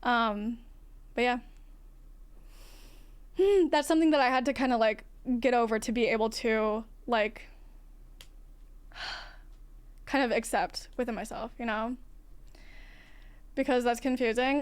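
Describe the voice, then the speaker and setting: A non-binary streamer with a feminine-sounding voice, talking frankly in a casual livestream chat, swearing now and then and laughing often. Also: female voice, fairly high pitch, measured pace, long pauses, clean tone. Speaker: livestream host.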